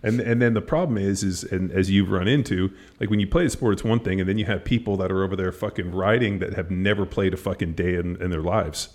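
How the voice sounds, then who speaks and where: A man telling stories in a casual chat, animated and swearing freely, acting out what people said. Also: deep voice, fast, hardly any pauses. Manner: animated storytelling, swears a lot, acts out quotes.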